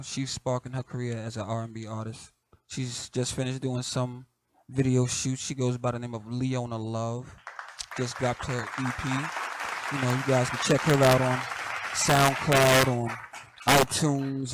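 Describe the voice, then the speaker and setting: A middle-aged man with a light Southern accent hosts his show, talking in a relaxed, conversational way full of "you know" and soft laughs. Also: medium pitch, moderate pace, some chatter behind, a little hiss or hum. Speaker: host. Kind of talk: casual reflective monologue.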